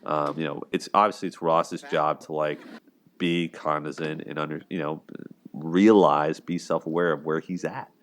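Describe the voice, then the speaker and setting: Male host, very low voice, loose conversational breakdown, lots of filler words. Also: fairly even intonation, moderate pace, slight background noise. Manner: loose and chatty, full of "you know" and "like". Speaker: show host analyzing relationships. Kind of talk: casual commentary.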